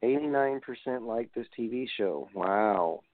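A man's voice: mid-range voice, animated, measured pace, no echo. A man hosting a casual solo wrestling review show, rambling and digressing as he reads results aloud. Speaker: wrestling podcast host. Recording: tinny phone-like dry sound.

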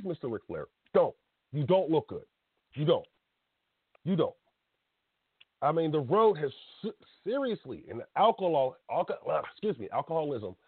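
A man in his thirties, hosting a call-in show, speaks bluntly and emotionally, laughing and restarting as he rants. His voice rises and falls a lot and sits a bit high. The sound is dry and narrow, as if carried over a phone line. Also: breathy edge, no room sound. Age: 30s. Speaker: podcast host. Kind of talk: casual call-in wrestling talk.

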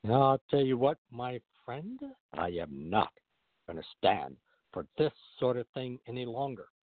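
A man playing a gruff old miser with a low, growling voice, heard over a narrow, tinny phone line. He draws his words out, now stern, now booming with hearty cheer. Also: sing-song, unhurried, no room sound. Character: gruff old miser turned jovial employer.

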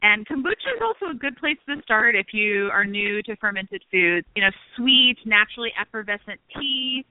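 A woman's voice: medium pitch, expressive, normal speed, few pauses, dry recording. A woman guest explaining food tips in a chatty, practical way, laughing often. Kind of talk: casual podcast interview. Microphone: remote call. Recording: tinny phone-line audio.

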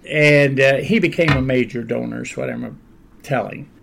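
An older male pastor with a gravelly, creaky voice at a middle pitch. He tells his stories in an animated way and often laughs as he talks. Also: normal speed, background noise. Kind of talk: storytelling in a conversational interview.

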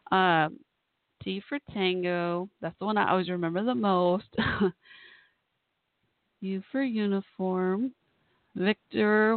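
A woman's voice: medium pitch, vocal fry, no room sound. A woman hosting a live podcast alone, chatting casually and rambling, laughing often. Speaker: podcast host. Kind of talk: casual solo talk. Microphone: phone call-in line. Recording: tinny phone line.

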